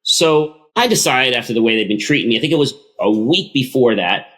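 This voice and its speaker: A man's voice: medium pitch, brisk. A middle-aged man telling stories in casual conversation, acting out both sides of the exchanges he recounts. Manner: animated, acts out both sides of quoted conversations. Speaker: podcast guest. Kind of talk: casual storytelling.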